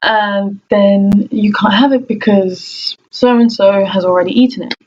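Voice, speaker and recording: A woman's voice: mid-range voice, fairly even intonation, unhurried, darkish tone. A young woman chatting casually to camera at home about her pet peeves. She laughs often and acts out what other people say. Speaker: vlogger. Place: room at home. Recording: dull lo-fi audio with faint noise.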